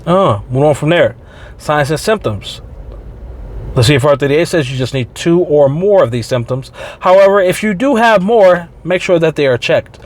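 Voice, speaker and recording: A man's voice: on the high side, animated, normal speed. Slangy man explaining veterans' benefits. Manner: slangy, joking asides, talks straight to viewers. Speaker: veterans benefits video host. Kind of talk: casual explainer talk.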